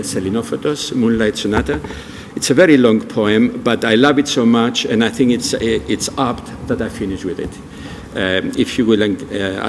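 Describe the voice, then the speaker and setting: A man's voice: on the low side, a little hiss or hum. An older man giving a public presentation, telling stories and putting questions to the audience. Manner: storytelling, quizzes the audience. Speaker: speaker at a public event. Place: large museum hall. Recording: long hall reverb, faint room ambience.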